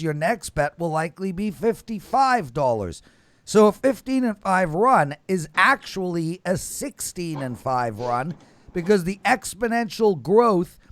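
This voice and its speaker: Hosting a casual betting panel show, a man lectures his listeners, swinging emphatically between loud bursts and low mumbles. The recording has no echo.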